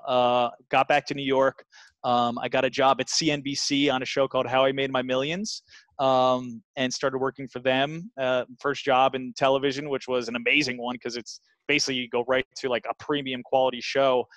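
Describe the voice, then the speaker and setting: A man's voice: mid-range voice, a bit bright, no echo. A man in his thirties from New Jersey, a guest telling his story earnestly in a casual interview, with lots of fillers and restarts.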